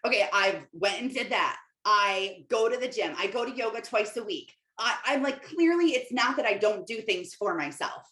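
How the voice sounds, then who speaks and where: A woman's voice: mid-range voice, lively intonation, normal speed, few pauses, a bit bright. Chatty woman in a roomy space. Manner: chatty, rambling, many fillers and self-quotes. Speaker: podcast host and Christian life coach. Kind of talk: casual confessional monologue. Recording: roomy echo.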